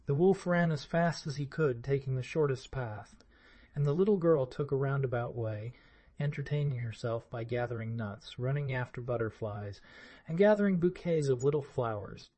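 A man narrates a fairy tale in a measured, expressive way. His voice is dark and mellow, recorded close and dry with no room sound. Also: mid-range voice, dry recording. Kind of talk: storybook reading.

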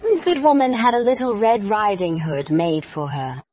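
A woman telling a fairy tale aloud in a measured, expressive way. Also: medium pitch. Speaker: storyteller.

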